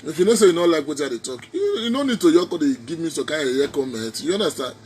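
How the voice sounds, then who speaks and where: A man's voice: fairly high pitch, animated, very fast, darkish tone, slight background noise. A man with a Nigerian Pidgin accent giving a preachy, repetitive, mocking political rant in a casual vlog. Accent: Nigerian Pidgin English speaker. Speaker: social media commentator.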